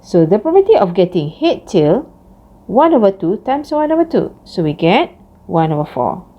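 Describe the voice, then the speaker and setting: A woman giving a recorded math lecture, explaining each step slowly. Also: lo-fi sound. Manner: slow, lively pitch, explains step by step.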